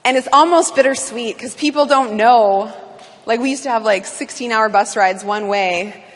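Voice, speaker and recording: A woman from Canada giving a talk to an audience, animated and full of fillers. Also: on the high side, normal speed. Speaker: business speaker. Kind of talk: speech to an audience. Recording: long hall reverb.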